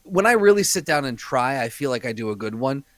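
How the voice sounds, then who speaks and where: A man co-hosting a podcast in casual chat, emphatic and quick to riff on jokes. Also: medium pitch, big pitch swings, a bit bright, no room sound. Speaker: podcast co-host.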